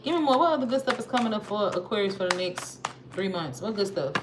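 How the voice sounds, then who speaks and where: A woman's voice: mid-range voice, lively intonation, fast. A woman with a Southern accent giving a casual tarot reading, chatty and slangy, talking straight to her viewers. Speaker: tarot reader. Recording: noisy with clicks.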